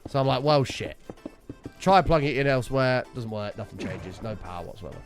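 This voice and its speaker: Animated swearing man telling a story. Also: medium pitch, a little fast, faint music behind. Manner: animated, swears freely, acts out his own quotes. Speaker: streamer. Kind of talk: casual storytelling while gaming.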